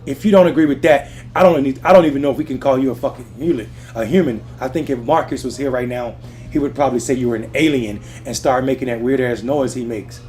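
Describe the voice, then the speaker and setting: A man's voice: medium pitch, quick pace, darkish tone. A man hosting a political livestream, ranting with profanity and heat and talking straight to his chat, from a lounge. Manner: profane, fired-up, talks to the chat. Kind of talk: heated live political rant. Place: lounge in Washington with TVs on. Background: music and TVs in the background.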